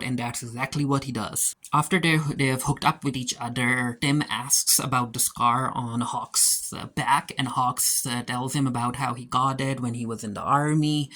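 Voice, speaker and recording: A man's voice: mid-range voice, pushed and bright. A man giving a casual spoken recap of a TV episode, chatty, with lots of "like" and false starts. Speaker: TV episode reviewer.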